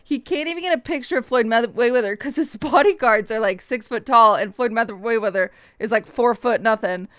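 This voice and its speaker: A woman streamer telling a story to her chat in a casual, animated way, swearing often and acting out the voices of people she quotes, with hiccups. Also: on the high side, moderate pace, clean tone, no room sound, clean studio sound.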